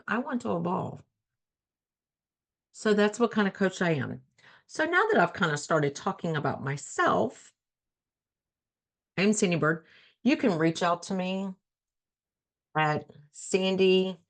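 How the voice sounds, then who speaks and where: Earnest woman life coach talking. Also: lowish voice. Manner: earnest, conversational, repeats key phrases for emphasis. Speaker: life coach and show host. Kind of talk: solo talk show monologue.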